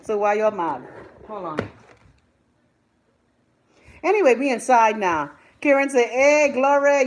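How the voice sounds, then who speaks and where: A young Bahamian woman hosting a live stream, chatting loudly to her viewers, gossipy and swearing freely. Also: mid-range voice, slight background noise. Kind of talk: casual live-stream chat.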